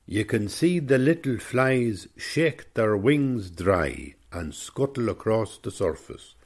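A man's voice: on the low side, big pitch swings, slow pace, slightly rough, voice pushed up, exaggerated voice. A man voicing a chatty old countryman with a Cavan accent, wistfully recalling fishing lore.

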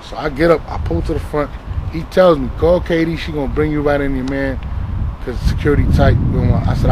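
Against a noisy background, an interview guest with a medium-pitched voice tells a heated story. He swears freely, stresses his points hard, and keeps checking in with "right?" and "you feel me?"

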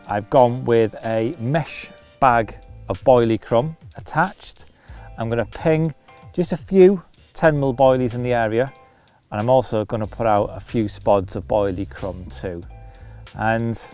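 A man's voice: on the low side, darkish tone. A man hosting a fishing vlog outdoors by a lake, chatting easily as he explains his tactics. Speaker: angler and show host. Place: outdoors at a lakeside swim.

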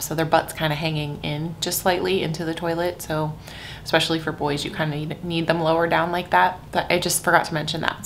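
Young mom vlogger, low gravelly fry, frank and chatty, laughs a lot. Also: female voice, a little hiss or hum. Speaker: parenting vlogger, mother of three. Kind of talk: casual chat to camera. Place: at home.

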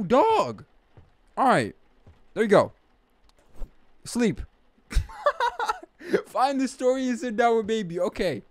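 A young man casually commenting while he plays a game, slangy and animated, breaking into loud excited outbursts. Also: very high-pitched, no echo. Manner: slangy, says bro and man. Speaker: gaming YouTuber. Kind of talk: casual let's-play commentary.

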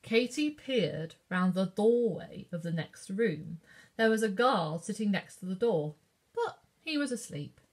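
Woman librarian, story-time reader, lively pitch, medium voice. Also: unhurried. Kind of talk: children's story time reading.

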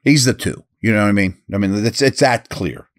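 A man's voice: on the low side, a little fast. A man hosting a solo football analysis podcast, talking through his roster picks in a casual, conversational way, thinking aloud as he goes. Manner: upbeat read of a sponsor ad. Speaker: podcast host and football scout.

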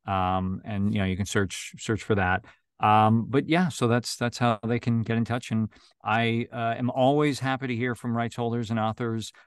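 A man narrating audiobooks talks loosely on a video call, full of ums and false starts. His pitch is medium. The sound is dry, close and without room echo. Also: level tone, moderate pace, smooth. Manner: chatty, many fillers and restarts. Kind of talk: casual interview chat.

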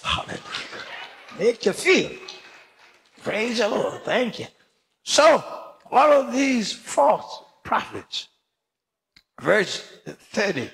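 A fervent older man preaching a sermon, his gravelly voice pitched high for a man. He delivers it slowly and deliberately, swinging widely up and down, and punctuates his points with praise and sudden shouts. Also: very animated. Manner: fervent preaching with frequent hallelujahs and shouted emphasis. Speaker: bishop preaching.

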